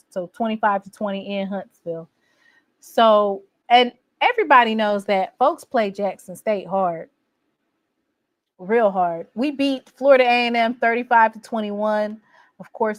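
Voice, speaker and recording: A woman recapping her team's college football season in a casual, boastful, teasing way, with animated exclamations. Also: mid-range voice, dry recording. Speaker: college football fan vlogger. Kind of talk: casual trash-talking recap.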